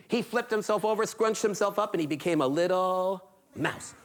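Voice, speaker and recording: A man's voice: high-pitched, moderate pace. A man telling a folktale live on stage, shifting between character voices. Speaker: storyteller. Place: small concert venue stage.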